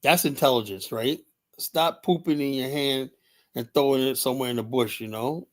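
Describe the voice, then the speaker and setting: A man's voice: mid-range voice, normal speed. A man hosting a casual live stream, talking off the cuff in a loose, rambling way. He addresses viewers by name and breaks into laughter as he goes. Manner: rambling, laughs often, talks to chat by name.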